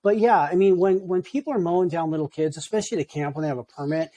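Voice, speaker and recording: High, mellow laid-back surfer man. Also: steady tone, rapid-fire. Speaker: surf coach. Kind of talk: casual podcast chat.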